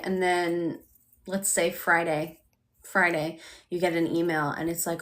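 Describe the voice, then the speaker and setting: A woman's voice: fairly low pitch, level tone, normal speed, fairly bright tone. A woman coaching on manifestation in a casual live stream, chatty and full of "like", acting out quoted self-talk.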